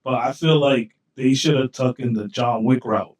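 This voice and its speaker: A man's voice: mid-range voice, moderate pace, a little mellow, recorded from a distance. Laid-back slangy man, off-mic. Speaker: podcast co-host. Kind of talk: casual chat.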